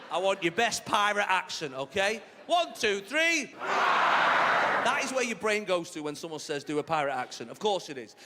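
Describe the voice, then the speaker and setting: A male stand-up comedian doing a set with a cheeky, animated delivery, slipping into silly character voices. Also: high-pitched, long reverb tail, slight background noise. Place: large theatre stage. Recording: live theatre recording with audience laughter.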